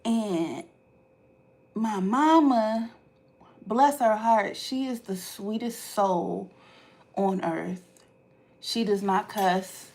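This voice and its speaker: Speaking extremely slowly with frequent pauses in a mid-range voice, an Ohio woman who vlogs shares stories casually with her live chat. She veers from hushed asides to loud outbursts.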